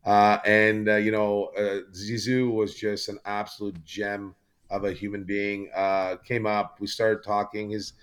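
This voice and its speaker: A man's voice: fairly low pitch, flat delivery, unhurried, clean tone. A man from Canada, a podcast guest, telling a long story in casual chat with lots of fillers and restarts. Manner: rambling storytelling with many fillers.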